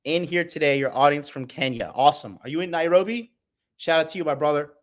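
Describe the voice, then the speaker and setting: A man's voice: fairly high pitch, fast talker. A man hosting a live-streamed dating talk show, brash, profane and mocking as he reads the chat. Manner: talks to the audience as "bro". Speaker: livestream dating show host.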